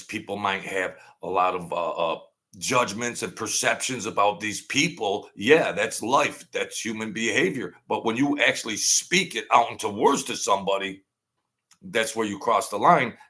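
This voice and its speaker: A man telling stories in a rambling, animated way, often repeating himself and acting out quoted voices. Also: fairly low pitch, normal speed. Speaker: host telling stories from mob life. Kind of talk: casual storytelling monologue. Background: lawnmower outside.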